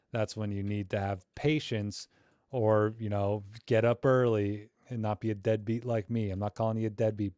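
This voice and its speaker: A man's voice: on the low side, mellow, dry recording, studio quality. Rambling man reviewing viewer photos live. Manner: rambling, filler-heavy, self-deprecating; friendly, encouraging toward viewers. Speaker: livestream host critiquing viewer photos. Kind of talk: casual live-stream commentary.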